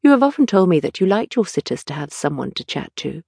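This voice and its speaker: A woman voicing a witty, languid aristocratic gentleman with a drawling, teasing manner. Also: fairly low pitch, very animated, fast talker, vocal fry, slightly rough, no echo, studio quality, heavily acted. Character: languid witty older aristocrat, mildly mocking.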